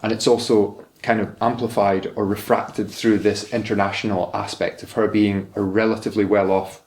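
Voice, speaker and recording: Young man, researcher, thoughtful and hesitant, low pitch, roomy echo. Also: level tone, normal speed, a little mellow. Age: young adult. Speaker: guest, doctoral researcher. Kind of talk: academic interview, explaining and reading aloud.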